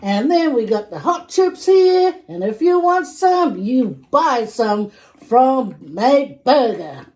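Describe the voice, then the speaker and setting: A woman putting on a loud, squealing, over-the-top female persona to make her video entertaining. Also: sing-song, exaggerated voice. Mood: hyped. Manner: shrill, drawn-out and hammy.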